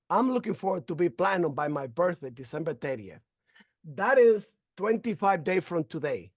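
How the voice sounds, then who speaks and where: Man, testimonial storyteller, animated and emotional, lively pitch, dry close sound. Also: normal speed, husky, no room sound. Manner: animated, acting out conversations, stumbling fillers; emotional, faith-filled. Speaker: member sharing a testimonial.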